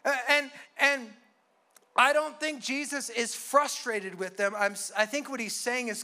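A male pastor preaching a sermon, swinging between loud emphatic bursts and hushed asides. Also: very high-pitched, measured pace.

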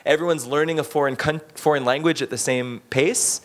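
A man giving casual, animated interview answers, full of fillers and restarts, who slips into playful voices when quoting people. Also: fairly high pitch, a little fast. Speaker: interviewee, expat in the bar trade.

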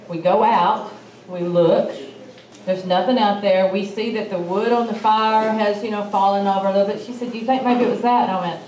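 A woman's voice: mid-range voice, fairly quick. A woman telling a story in a casual way, acting out what people said. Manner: animated, acts out quotes. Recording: echoey room, mic at a distance, faint noise.

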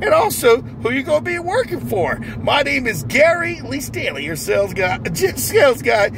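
A man hosting a comedic mock interview, with a gravelly, lively voice. He chuckles through his folksy questions, and a faint traffic hum runs behind him. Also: very high-pitched, normal speed. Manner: laughing often, folksy, plain-spoken. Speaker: comedy host posing as an interviewer.

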